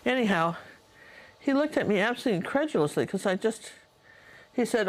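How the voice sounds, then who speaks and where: A middle-aged woman with a mid-range, fairly quick voice paints while telling stories from her life. She's chatty and digressive, speaking straight to the viewer as a painter and storyteller.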